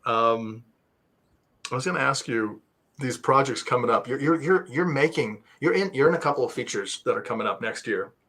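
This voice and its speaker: A man's voice: medium pitch, expressive, moderate pace, pushed and bright. A man hosting an online talk show, English not his first language, rambling and joking at his own expense. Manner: joking, rambling, self-deprecating. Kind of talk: casual interview chat. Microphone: video call.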